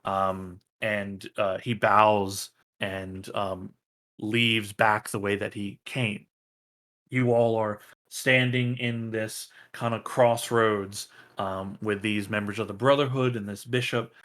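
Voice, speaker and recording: A man running a tabletop game as game master, narrating haltingly with many ums and uhs. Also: on the low side, little pitch movement, fairly bright tone.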